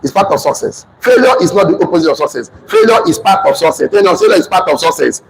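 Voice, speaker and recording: A man with a Nigerian accent giving a loud, fervent motivational speech to a live audience, repeating phrases like a preacher. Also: on the high side, lively intonation, fast talker, heavy background noise. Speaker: motivational speaker and business trainer. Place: training hall with a live audience.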